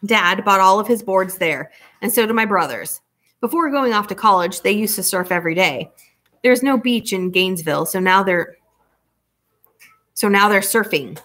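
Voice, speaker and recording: A woman's voice: medium pitch, expressive, moderate pace, fairly bright tone. A woman reading a novel aloud, narrating in a casual, conversational first-person way. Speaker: audiobook reader.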